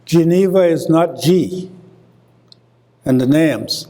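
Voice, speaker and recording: Slow, mellow older Gullah man lecturing. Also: a little high, slight background noise. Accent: Gullah, coastal South Carolina. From Hilton Head Island, South Carolina. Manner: deliberate, explanatory, repeats example words. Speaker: guest lecturer. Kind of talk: university lecture.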